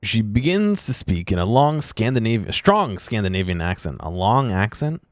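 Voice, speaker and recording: A man's voice: on the low side, sing-song, normal speed, dry recording. A man playing through a video game, reading its text aloud with casual, muttered asides. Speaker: let's play host.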